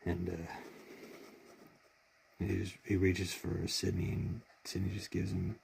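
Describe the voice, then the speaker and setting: A man's voice: completely flat delivery, takes it slowly, darkish tone, a little hiss or hum. A man retelling a favorite TV episode in casual fan commentary, heartfelt and rambling, choked up with emotion. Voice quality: deep gravelly husky voice.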